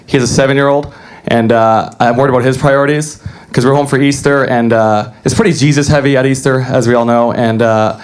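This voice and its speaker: A young man doing a deadpan, self-deprecating stand-up comedy set on a club stage. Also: mid-range voice, fairly quick.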